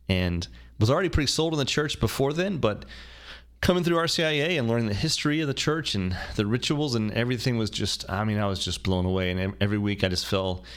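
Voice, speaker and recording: Rambling low-voiced male podcast host. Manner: rambling, jokey, many fillers and restarts. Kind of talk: casual podcast chat. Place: new studio with construction noise.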